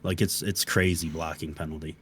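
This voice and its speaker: A man's voice: rumbling low, little pitch movement, fairly quick, husky. A man being interviewed about a video game, giving detailed technical explanations in a casual chat. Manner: detailed, technical explanations, soft-spoken asides.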